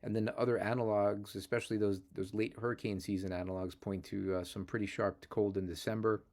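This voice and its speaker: A man hosting a weather discussion, explaining forecasts in a measured way. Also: lowish voice, level tone, darkish tone. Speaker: meteorologist host.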